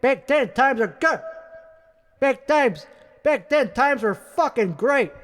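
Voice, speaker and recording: A man's voice: very high voice, lively intonation, slow pace, fairly bright tone, in a large hall. A young man giving a brash, profane, rambling comic rant at a karaoke night. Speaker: comedian. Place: karaoke bar.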